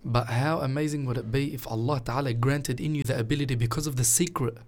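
Man, religious teacher, earnest, animated storytelling. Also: mid-range voice, quick pace. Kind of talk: casual religious chat.

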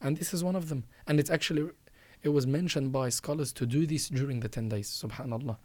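A man speaking at a middle pitch gives earnest religious advice as a podcast host. He presses his points by repeating phrases and urging the listener directly. The recording is dry and close, with no room sound. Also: brisk, darkish tone, no room sound.

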